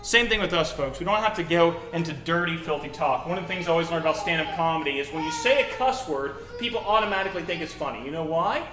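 A young adult man preaching a sermon to his congregation, telling personal stories in an animated, joking way. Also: a little high, fast, hardly any pauses, music in the background. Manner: animated, jokey storytelling. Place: church hall. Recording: roomy church hall.

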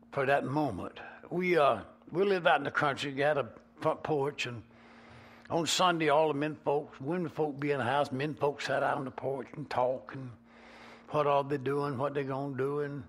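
A man with a Georgia Southern accent, preaching a sermon as a pastor and telling folksy stories with animated swings in volume. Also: medium pitch. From Georgia, USA. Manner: animated, folksy, swings between loud and soft.

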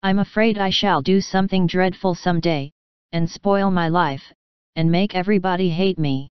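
A woman's voice: fairly low pitch, moderate pace, clear, resonant tone, no room sound, lo-fi sound, lightly acted. A woman reading as a tearful hot-tempered girl. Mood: despairing. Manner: pleading, tearful. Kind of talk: storybook reading.

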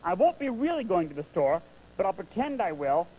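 A man's voice: high voice, very animated, a little fast, poor audio. A man voicing Bert, a fussy, easily exasperated male puppet roommate with a nasal, fretful voice in a children's TV puppet sketch. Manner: nasal, fretful, spirals into frantic yelling.

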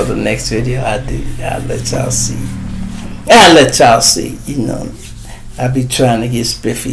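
A middle-aged man from Chicago with a Chicago accent, hosting a casual commentary rant and talking straight to his viewers, animated and swinging between loud and soft. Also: medium pitch, vocal fry, a little hiss or hum, poor audio. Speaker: host of a commentary channel.

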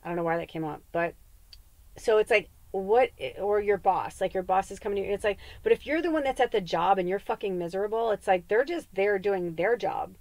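A woman's voice: mid-range voice, brisk, a little mellow, no room sound. A middle-aged woman from the Midwest, a psychic medium rambling candidly in a casual spiritual podcast monologue and swearing freely. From American Midwest.

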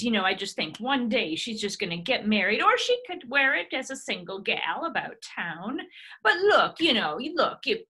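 Bright, high, swoopy saucy grandma, a woman doing the voice for an improv comedy bit. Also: husky, full character voice. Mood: coaxing. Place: home video call.

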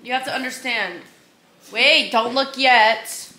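A woman argues playfully with her brother, pressing her point and repeating words. Her tone is bright and cutting, and the room around her rings with echo. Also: on the high side, slow, slight background noise. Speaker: family member. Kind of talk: casual family banter. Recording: roomy echo.

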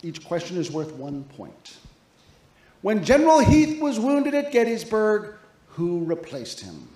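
Man, quizmaster, playful, lively high voice, echoey hall. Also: unhurried. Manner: playful, teasing. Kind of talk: reading quiz questions.

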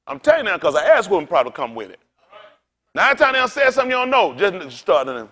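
A man's voice: high-pitched, very animated, quick pace, fairly bright tone. A male pastor preaching a rowdy, colloquial sermon, calling out to his congregation for responses.

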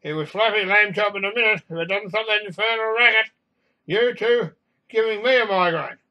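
A man's voice: high-pitched, a little fast, dull audio, lightly acted. A man voicing a short-tempered, intolerant middle-aged male passenger. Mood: irritated.

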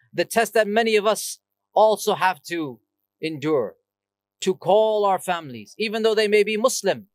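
A man's voice: high voice, no echo. A male preacher giving a Friday sermon in a mosque, switching between chanted Arabic verses and English explanation.

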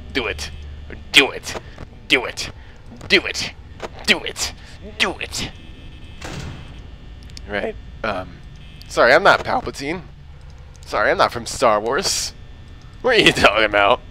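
A man's voice: medium pitch, bright, forceful tone, slight background noise, low-quality recording. A man hosting a gaming video, joking and rambling crudely as he plays. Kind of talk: let's play commentary.

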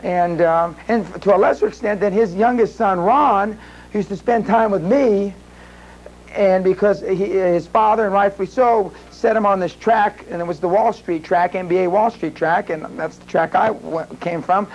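High-voiced man telling a rambling story. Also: normal speed, highs cut off. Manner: rambling, many restarts and fillers. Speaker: seminar speaker. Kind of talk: storytelling to a live audience. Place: seminar room.

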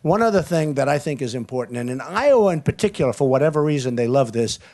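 A man's voice: medium pitch, animated, fast talker, a little mellow. Man giving a boastful, repetitive rally speech. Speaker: political candidate. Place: campaign event venue.

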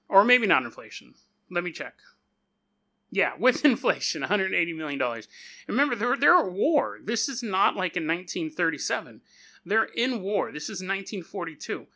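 A man's voice: on the high side, sharp tone. A man hosting a podcast, retelling a story in a chatty, joking way with offhand asides. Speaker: podcast host. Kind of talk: casual storytelling.

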